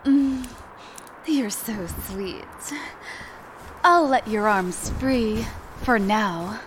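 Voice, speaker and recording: A woman voicing a dominant horned reptilian warrior queen in an adult audio role-play, talking in a slow, commanding, sultry way. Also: on the high side, a little hiss or hum. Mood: teasing, commanding.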